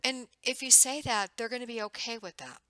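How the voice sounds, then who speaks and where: A nursing instructor delivers a recorded lecture conversationally, acting out the questions she'd put to patients. Her voice is a little high and sharp, her pace brisk. The audio is poor, with no room sound.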